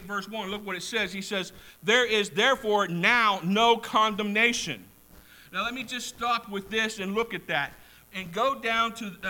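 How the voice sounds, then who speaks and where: Male preacher, high and very bright voice, fervent, repetitive, loud peaks and hushed asides. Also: poor audio. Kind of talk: sermon.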